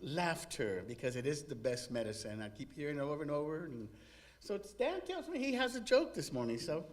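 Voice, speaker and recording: A man opens the service in an informal, chuckling way, his pitch rising and falling a great deal. His voice sits a little high. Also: very animated, a little fast. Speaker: service leader. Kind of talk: casual introduction at a service.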